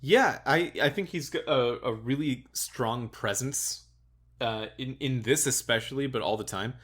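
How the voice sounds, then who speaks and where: A man in an easygoing podcast chat, his voice at a middling pitch. He sounds amused and loose, trailing into chuckles and restarts as he thinks aloud. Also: unhurried, husky. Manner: relaxed and amused, chuckles often, hesitant restarts. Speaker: podcast co-host. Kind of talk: casual chat.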